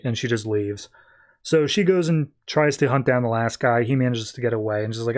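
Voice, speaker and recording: A man with an ordinary mid-range voice hosts a podcast and walks through comic issues. His delivery is loose and conversational, full of "like" fillers and quick asides. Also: mid-range voice, a little mellow. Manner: loose, chatty, many "like" fillers. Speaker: podcast host. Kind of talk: casual comic book recap.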